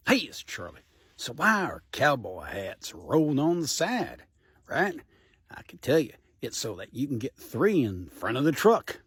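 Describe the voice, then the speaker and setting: A man telling deadpan jokes in a folksy country persona, spinning rambling rural stories. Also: mid-range voice, creaky, husky, no echo. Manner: folksy, drawling storyteller with rural slang.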